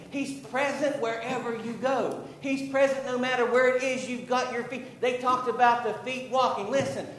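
A male pastor preaching a sermon, building to emphatic, drawn-out declarations. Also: extremely high pitch, echoey room, slight background noise, rough recording. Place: church sanctuary.

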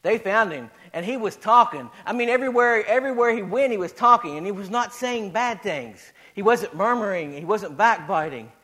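Pastor guy preaching, high voice, folksy, keeps repeating lines, gets loud then quiet. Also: expressive, normal speed, hardly any pauses. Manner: folksy preaching, repeats phrases, voice swells and drops. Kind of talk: sermon.

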